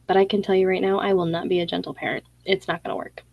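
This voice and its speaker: A woman hosting a casual parenting chat in a lowish, husky voice. She is blunt and emphatic, and the recording is dry and dull. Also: steady tone, quick pace, dry recording. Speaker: podcast host. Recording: dry, muffled lo-fi audio.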